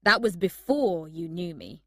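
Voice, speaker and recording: Woman doing an arrogant young man, gentle soft delivery, dry close sound, storybook. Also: on the low side, expressive, measured pace, no room sound. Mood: coaxing. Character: young man, arrogant, self-centred charmer.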